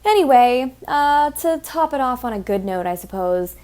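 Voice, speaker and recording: A woman's voice: sits high, animated, moderate pace, warm tone. A woman hosting a podcast, telling a story in a blunt, heated, profane way and mimicking the people in it. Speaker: podcast host. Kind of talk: casual storytelling monologue.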